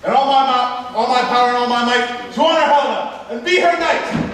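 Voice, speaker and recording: Teen boy as a lovestruck young noble, declaims big, highish voice, super echoey hall. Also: lively intonation, fairly quick. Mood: passionate. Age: teens. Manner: declaiming passionately. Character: ardent, fickle young nobleman. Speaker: student actor. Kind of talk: school stage play. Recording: echoey hall from far off, noisy.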